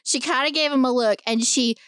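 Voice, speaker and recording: A woman co-hosting a podcast in casual chat, animated and swearing freely as she argues her point. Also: high-pitched, a little fast, clear, resonant tone, no echo, clean studio sound. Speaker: podcast co-host.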